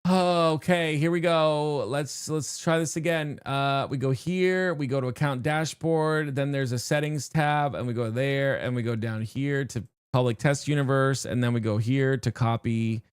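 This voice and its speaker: A live streamer chatting excitedly to viewers while playing, often restarting sentences mid-thought. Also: medium pitch, unhurried, hardly any pauses, smooth, no room sound, studio quality. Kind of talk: live-stream game reaction chat.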